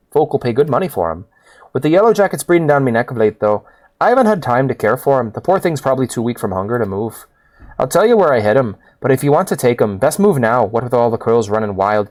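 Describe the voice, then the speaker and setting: A man voicing a shifty animal smuggler who talks roughly and colloquially, reading game quest dialogue aloud. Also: medium pitch, a little mellow, natural voice. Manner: rough colloquial talk, says 'me' for 'my'.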